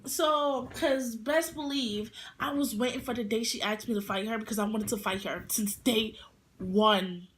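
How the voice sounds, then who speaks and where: Young woman, storytime vlogger, sassy and animated, higher voice, roomy echo. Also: unhurried, slight background noise. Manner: animated, acting out quotes with attitude. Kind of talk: casual storytime vlog. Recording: echoey room.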